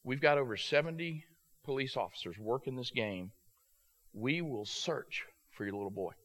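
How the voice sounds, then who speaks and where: A calm, reassuring male police officer, as a man puts him on while telling a story. He speaks in a lower, steady, measured tone. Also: distant mic.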